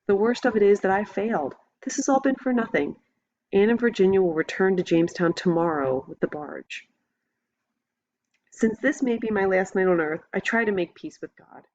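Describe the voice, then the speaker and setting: A woman narrating a novel in the first person, in a steady, measured reading voice. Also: fairly low pitch. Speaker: audiobook narrator. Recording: dull lo-fi recording.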